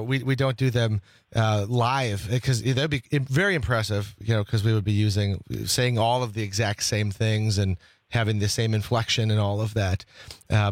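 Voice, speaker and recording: A man's voice: fairly low pitch, no room sound. A man from Wisconsin hosting a talk radio show, chatting casually and rambling with lots of restarts. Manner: rambling, with many restarts and fillers.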